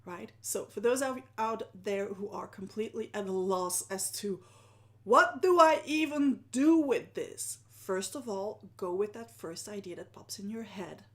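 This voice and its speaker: Woman, art journaling teacher, live-stream talk, soft whispers, self-mocking laughter. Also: mid-range voice, normal speed, hardly any pauses. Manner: often drops to a soft whisper, laughs at herself.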